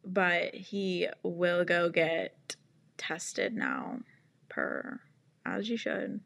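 A woman's voice: on the low side, very animated, very slow, vocal fry, fairly bright tone. Exasperated young woman podcaster. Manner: exasperated, sarcastic, swears a lot. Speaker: podcast host. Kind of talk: casual podcast rant.

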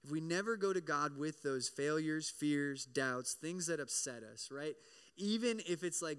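A man preaching a sermon as pastor, in an animated, conversational way, often checking in with "right?" and acting out the prayers he quotes. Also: fairly high pitch, unhurried, clear, resonant tone. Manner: acts out prayers and voices in quoted lines. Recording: long hall reverb.

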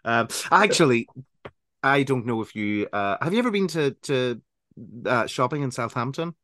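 A man's voice: medium pitch, lively intonation, normal speed, sharp tone. A man hosting a casual radio chat show, rambling and laughing as he talks, with many restarts.

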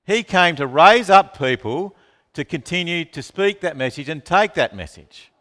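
Speaking at a normal speed in a fairly high pitch, a man delivers a lively sermon. He keeps asking the congregation questions and naming individual listeners, while the hall adds a long reverb.

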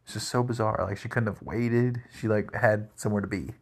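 A man's voice: lowish voice, a little fast. A man telling rambling everyday stories in a casual monologue, full of "like" and "crazy". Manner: rambling, animated, lots of "like" and "crazy".

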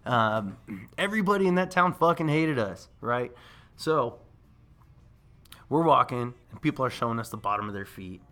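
A man tells a war story to friends in a bright, forceful voice, cursing freely. He is animated and laughs between lines. The talk is loose and casual, podcast style. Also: medium pitch, normal speed. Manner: profane, animated, laughs while telling. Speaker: veteran storyteller.

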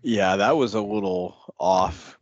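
Deep-voiced man on a dull dry mic. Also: no echo. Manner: halting, with frequent restarts and hedges. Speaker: podcast co-host. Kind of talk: casual film review chat.

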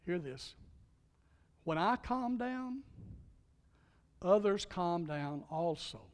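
A middle-aged man preaching a sermon as a pastor and chaplain, emphatic, asking the congregation questions, swinging between loud exhortation and soft hushed lines. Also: sits high, lively intonation, slow pace. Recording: long reverb of a large hall.

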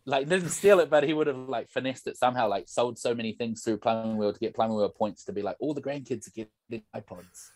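A man's voice: mid-range voice, quick pace, hardly any pauses, no echo. A young man, a podcast guest telling stories in a casual, rambling way full of "like" and "bro". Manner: rambling storyteller, lots of "like" and "bro". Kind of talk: casual chat.

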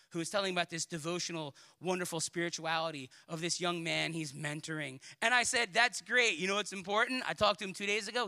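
A man, a pastor, preaching a sermon in a blunt, sarcastic and animated way. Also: high voice.

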